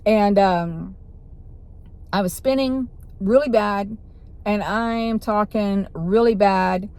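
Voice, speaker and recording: A woman's voice: medium pitch, takes it slowly, a little mellow. A woman vlogger telling a personal story in a rambling way, with restarts and self-corrections.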